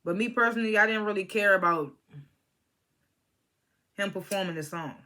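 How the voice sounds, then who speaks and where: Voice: medium pitch, normal speed, bright, forceful tone. A young adult reality TV reviewer in casual vlog commentary, talking bluntly and profanely with rambling asides.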